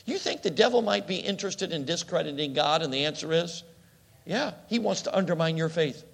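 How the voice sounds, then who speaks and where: A man preaching a sermon in a lively, conversational way, often putting questions to the congregation. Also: a little high, a little fast, gravelly, breathy edge. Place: church hall. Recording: long hall reverb.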